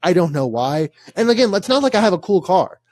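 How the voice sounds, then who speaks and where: Young guy, co-host, slightly high voice, dry close sound, chatty storyteller. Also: very animated, brisk, a little mellow, no room sound. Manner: rambling storyteller with laughs and fillers. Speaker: podcast co-host. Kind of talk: casual sports podcast chat.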